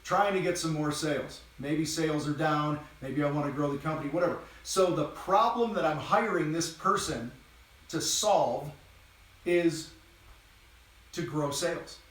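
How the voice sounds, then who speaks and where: Blunt, energetic man in an echoey room. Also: on the high side, a little slow. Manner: blunt, casual and energetic, swears now and then. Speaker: host and business coach for contractors. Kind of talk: live training talk to a camera. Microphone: distant mic, moves around while talking. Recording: very echoey room, voice far from mic.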